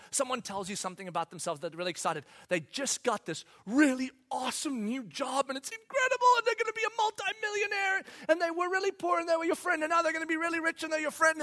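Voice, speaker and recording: A man preaching a sermon, animated, swinging from loud bursts to quiet asides and acting out the quotes he tells. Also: extremely high pitch. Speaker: pastor.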